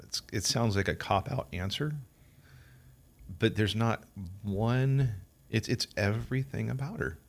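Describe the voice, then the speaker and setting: A man's voice: fairly low pitch, a little slow, gravelly. A man being interviewed about his marriage, speaking earnestly and laughing often. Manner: earnest, sentimental, laughs a lot. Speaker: guest, café co-owner. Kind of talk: casual interview chat.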